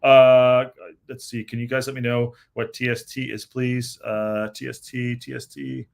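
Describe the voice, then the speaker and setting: A man's voice: mid-range voice, flat delivery, measured pace, vocal fry. A man hosting a casual live-stream podcast, reading the chat aloud and rambling with lots of fillers and restarts. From United States.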